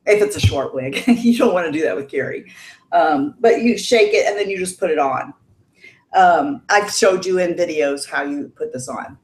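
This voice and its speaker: A woman's voice: low-pitched, normal speed. Chatty laughing middle-aged woman, roomy sound. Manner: chatty, laughs often, animated quoting. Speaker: guest on a livestream. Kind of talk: casual storytelling chat.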